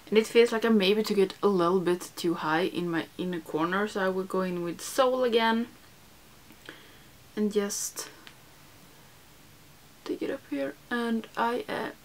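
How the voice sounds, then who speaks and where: Chatty young woman doing a makeup vlog. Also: medium pitch. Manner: chatty, self-deprecating, many fillers, drops into soft whispers while applying makeup. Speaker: beauty vlogger. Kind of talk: casual makeup tutorial chat.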